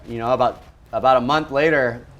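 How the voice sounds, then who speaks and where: A man's voice: mid-range voice, fairly even intonation, brisk, a bit bright, muffled recording. Laid-back man telling surf stories. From Hawaii. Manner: laid-back, lots of "like" and "you know"; acts out voices in his stories. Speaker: guest pro surfer. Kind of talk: casual storytelling.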